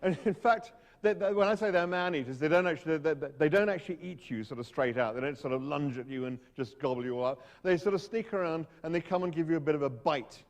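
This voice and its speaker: A man's voice: fairly high pitch, fast, few pauses, long reverb tail. A man giving a humorous storytelling talk to an audience, wry and hesitant, often restarting his sentences. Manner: hesitant, self-interrupting, wry.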